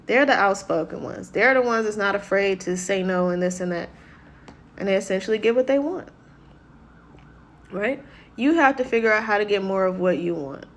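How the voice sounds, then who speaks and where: A woman speaking at an ordinary mid pitch gives a loose, conversational motivational talk. She keeps checking in with her listeners and slips into quick impressions of what people say. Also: expressive. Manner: conversational, keeps asking "right?"; acts out quoted voices.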